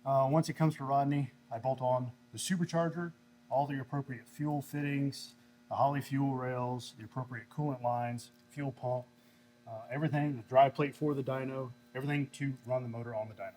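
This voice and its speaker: A man at an average pitch casually runs through the parts he bolts onto an engine. He talks plainly and fairly quickly, and there is a faint shop hum behind him. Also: fairly even intonation, a little mellow. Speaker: truck driver and engine builder. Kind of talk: casual explanation.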